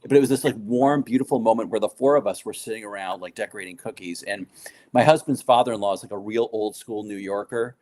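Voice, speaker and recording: A man chatting as a guest on a video call, telling lively stories with lots of fillers and laughter. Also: lowish voice, fast talker. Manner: animated storyteller, many fillers, laughs often. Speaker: guest, food writer and baker. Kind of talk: casual chat.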